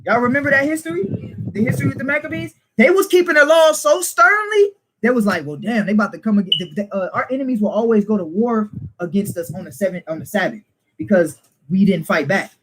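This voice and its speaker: High-voiced emphatic man preaching. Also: animated, brisk, noisy background. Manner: emphatic, rhetorical questions, teasing laughs. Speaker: teacher. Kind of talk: informal preaching to a small group.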